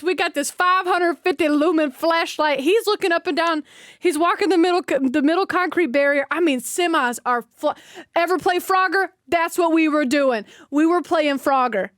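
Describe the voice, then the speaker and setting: A young woman telling a story on stream, animated, swearing freely and laughing often. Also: high-pitched, no room sound, studio quality. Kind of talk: casual storytelling.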